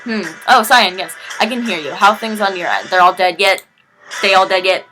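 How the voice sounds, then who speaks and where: A woman's voice: medium pitch, expressive, normal speed, sharp tone, faint music behind, low-quality recording. A woman voicing a brash, mocking young female fighter in a game, with a valley-girl drawl. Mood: taunting.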